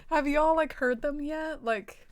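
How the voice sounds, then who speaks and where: This game streamer, a woman from the American South with a light, easy twang, chats with viewers and reads their comments while she plays. Her slightly high voice is unhurried, and her loose, giggly talk is full of "like" and small laughs. She sounds close to a desk microphone.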